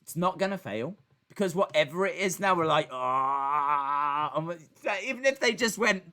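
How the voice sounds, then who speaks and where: A young man hosting a live wrestling watch-along stream, chatting in a jokey, animated way and acting out little scenes with sudden shouted bits. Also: high-pitched, a little fast.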